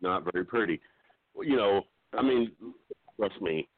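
Middle-aged man, rambling joking caller, lowish voice, dry tinny phone line. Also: lively intonation, dry recording. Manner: joking, meandering, halting. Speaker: regular caller. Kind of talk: rambling comedic call-in chat.

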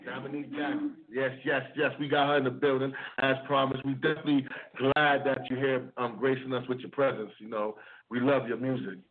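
A man hosting a radio interview show, speaking. He rolls through energetic DJ patter and repeats his catchphrases. His voice sits at an ordinary middle pitch and comes through a narrow, phone-like line. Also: brisk. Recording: tinny phone-like sound.

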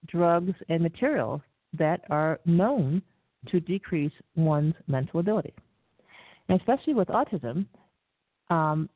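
A woman hosting a talk radio show, lecturing in a measured way with frequent pauses and fillers. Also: on the low side, vocal fry, no room sound. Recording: tinny dry phone-line audio.

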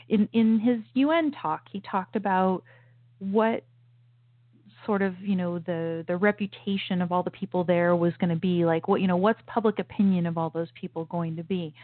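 A woman's voice: mid-range voice, no room sound. A woman hosting a political commentary show, talking in an opinionated, emphatic way with frequent restarts and asides. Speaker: host. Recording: tinny phone-like sound, dry.

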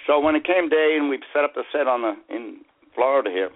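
An American man in his eighties with a Boston accent tells rambling anecdotes as a guest in a storytelling interview, full of hesitant fillers. His voice is fairly high and a little fast, heard over a phone line.

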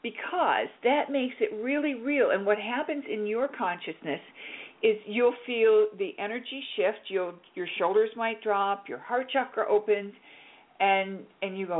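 A woman hosting a radio show, coaching a caller with lively, directive talk and acting out little scenes. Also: mid-range voice, measured pace, narrow, tinny audio. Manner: directive and animated, plays out scenes. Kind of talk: on-air coaching chat.

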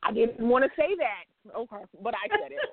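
A woman's voice: fairly high pitch, a little fast, creaky, dry recording. Teasing New York woman host on a phone line. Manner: playful, teasing, animated storyteller. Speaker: podcast host. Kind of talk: casual chat interview.

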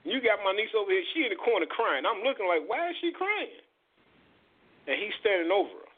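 A man's voice: high voice, racing, husky. Heated, profane man on a tinny line. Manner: animated, profane, heated storytelling. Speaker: radio show host. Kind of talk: casual storytelling chat. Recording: tinny phone-like radio audio.

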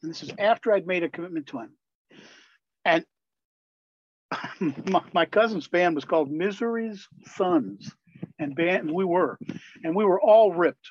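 An older man from Wisconsin, a Christian musician and pastor, telling candid, lively stories as a guest in an interview. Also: high voice, measured pace, pauses often, no room sound. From Wisconsin, USA. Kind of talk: storytelling in a conversational interview. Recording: slightly dull, lo-fi sound.

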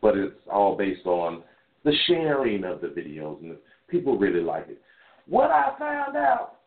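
A man's voice: on the low side, wildly swooping pitch, moderate pace, roomy sound. Man in his thirties on a tinny phone line. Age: 30s. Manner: loose, rambling, candid and profane. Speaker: radio show host. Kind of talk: casual call-in radio monologue. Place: in a car while driving.

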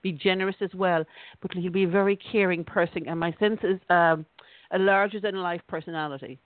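A woman's voice: fairly low pitch, fairly even intonation, brisk, no echo. Rambling woman host on a phone line. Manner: warm-hearted, rambling, restarts often. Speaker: radio show host, psychic. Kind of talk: on-air psychic reading. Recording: dry, tinny phone line.

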